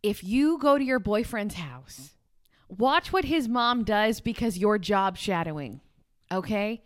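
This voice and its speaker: A woman's voice: mid-range voice, expressive, a little slow. A woman hosting a podcast, chatting casually with emphatic, advice-giving energy. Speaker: podcast host.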